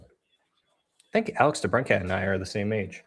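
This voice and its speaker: A man's voice: mid-range voice, lively intonation, normal speed, a bit bright. Chatty young man calling hockey live. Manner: chatty, talks to viewers between calls. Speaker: livestream host. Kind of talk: casual play-by-play commentary.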